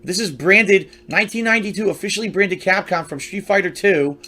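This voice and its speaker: A high-voiced man tells a story from his past in a loose, rambling monologue. He talks conversationally, circling back with restarts and side remarks as he goes. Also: brisk, bright, forceful tone. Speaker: storyteller recounting his youth.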